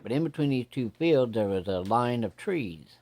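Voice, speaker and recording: A man telling a first-person ghost story in a plain-spoken, folksy way, building suspense with slow, deliberate pacing. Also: medium pitch, animated, darkish tone. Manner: plain-spoken, drawling, folksy rural grammar.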